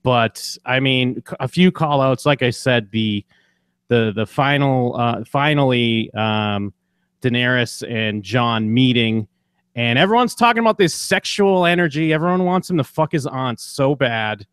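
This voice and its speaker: Young male podcast co-host, casual and jokey, mid-pitched, dry close mic. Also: expressive, a little slow, a bit bright, smooth, dry recording. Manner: loose, jokey, slips into mocking character voices. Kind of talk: casual chat.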